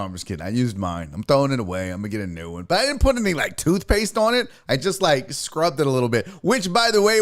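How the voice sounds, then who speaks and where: A man's voice: a little high, fairly bright tone. A man hosting his own show, telling a rambling casual story and acting out the voices of himself and his cat. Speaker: sports show host.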